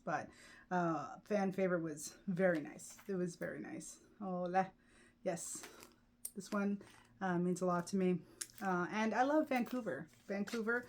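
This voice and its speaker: A woman comedian and event host chatting casually in a vlog, animated, with lots of fillers and laughter. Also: medium pitch, a little hiss or hum. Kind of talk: casual vlog chat about mementos.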